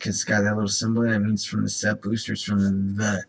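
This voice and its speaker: A man's voice: lowish voice, monotone, normal speed, gravelly, low-quality recording. A man with an itchy throat hosting a casual card-opening video. He reads card text aloud and rambles through asides. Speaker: host.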